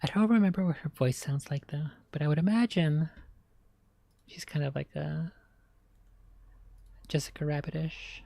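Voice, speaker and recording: A woman's voice: low-pitched, normal speed, gravelly, long pauses, mellow. A woman streamer chatting casually, rambling and giggly, while reacting on a close desk mic.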